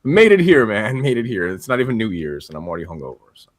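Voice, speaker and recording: A man's voice: on the low side, huge pitch swings, fast, no echo. A hungover man co-hosting a podcast, candid and meandering in casual chat. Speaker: podcast co-host.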